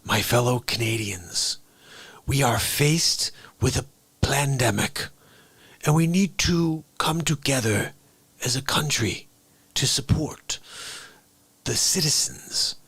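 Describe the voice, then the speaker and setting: A man doing a national leader who turns into a grim action hero mid-speech. The voice stays low, solemn and menacing, with softer, near-whispered passages. The sound is dry and close. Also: takes it slowly, long pauses, husky, no room sound.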